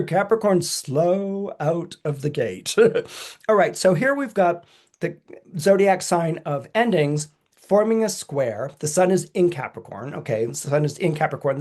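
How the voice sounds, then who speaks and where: Animated man explaining astrology. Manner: animated, acts out quoted voices with big pitch jumps; chuckles often while explaining. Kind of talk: podcast talk explaining astrology.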